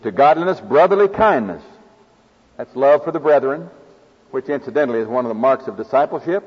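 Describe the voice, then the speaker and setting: A man's voice: medium pitch, animated, fairly quick, husky. A man with an Oklahoma accent preaching a sermon in a folksy, homespun way, drawing on farm stories. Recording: dull lo-fi recording in a reverberant hall.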